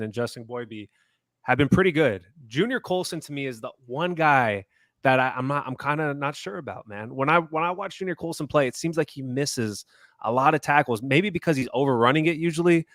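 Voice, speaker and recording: A man co-hosting a sports podcast, talking in an animated, indignant way in casual chat. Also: mid-range voice, no room sound. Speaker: podcast co-host.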